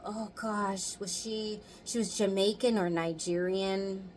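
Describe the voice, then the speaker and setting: A woman's voice: mid-range voice, fairly even intonation, slow, few pauses, slight background noise, poor audio. A woman in her thirties telling candid stories to camera in casual chat. She swears freely and laughs often. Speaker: vlogger.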